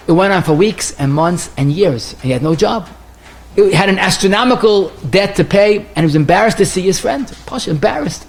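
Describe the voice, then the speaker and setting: A man, a rabbi, giving a Torah lecture, telling stories in an animated way with wide swings of pitch and pace. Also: fairly quick, creaky. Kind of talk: lecture sermon with told stories.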